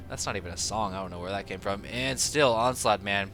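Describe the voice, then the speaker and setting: A man's voice: fairly low pitch, a little fast, loud music behind the voice. Man breaking down his own match. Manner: analytical, opinionated, loose and chatty. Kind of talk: casual gameplay commentary. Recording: steady background noise.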